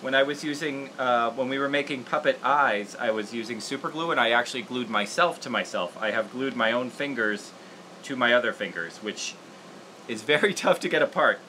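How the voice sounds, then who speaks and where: Man, puppeteer host, casual craft livestream, rambling, self-deprecating, bright voice. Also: medium pitch, moderate pace, a little hiss or hum, rough recording.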